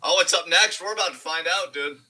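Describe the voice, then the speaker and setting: A man's voice: fairly high pitch, a little fast, bright, forceful tone, poor audio. A man co-hosting a live wrestling reaction stream, adding dry, wisecracking asides. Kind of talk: casual banter and commentary.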